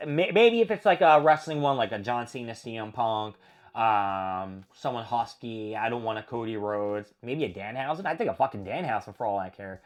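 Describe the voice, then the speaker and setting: A man hosting a solo show, venting in a profane, exasperated rant. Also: mid-range voice. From Philadelphia area. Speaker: podcast host. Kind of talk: ranting solo monologue.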